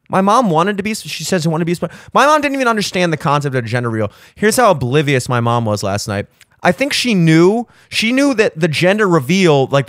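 A young man hosting a solo podcast, telling a rambling, animated story with voiced asides. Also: fairly high pitch, no echo, clean studio sound. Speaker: podcast host. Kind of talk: solo casual chat. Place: home studio.

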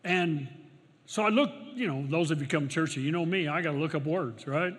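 A middle-aged male pastor preaching a sermon, swinging from loud exclamations to quiet storytelling, recorded in a large church auditorium. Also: fairly high pitch, moderate pace, slightly rough. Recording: long hall reverb.

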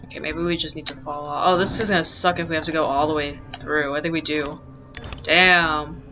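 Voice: mid-range voice, steady tone, brisk, music in the background. A gamer giving casual gameplay commentary, exclaiming often and getting easily frustrated while laughing at their own mistakes. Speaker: let's play gamer.

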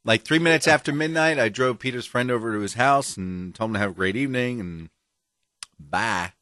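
A man co-hosts a podcast in casual chat, joking and laughing a lot. His mid-range voice moves fairly quickly and sounds pushed and bright. The recording is clean studio audio with no room sound.

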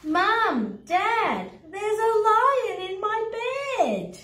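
A woman's voice: sits high, animated, unhurried, voice pushed up. A woman voicing a small boy at bedtime in a children's storybook, with a firm, bossy manner. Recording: roomy echo, voice from a distance.

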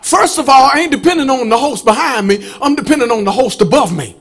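Man preacher, fiery call-and-response delivery, bright and lively. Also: extremely high pitch, fast talker, husky. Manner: shouting, chanting, call-and-response with congregation. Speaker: pastor. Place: church sanctuary.

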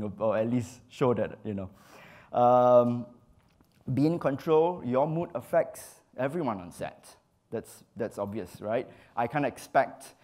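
A man's voice: medium pitch, darkish tone. Chatty male photographer on stage. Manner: casual, chatty, tag questions, acts out quoted lines. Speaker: photographer giving a stage talk. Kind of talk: conference talk on stage. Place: stage in a large hall.

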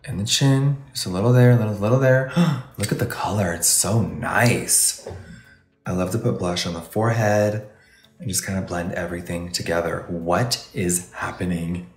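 A man's voice: sits low, fairly even intonation, moderate pace, roomy sound, faint music behind. A man doing a casual live makeup review, gushing and exclamatory and calling viewers baby and honey. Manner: gushing, exclamatory, campy endearments. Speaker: makeup livestreamer.

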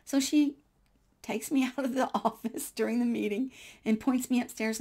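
A woman in her sixties telling a personal faith story in a chatty, animated way, dropping into whispers at hushed moments. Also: a little high, normal speed. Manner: chatty with frequent fillers and small laughs.

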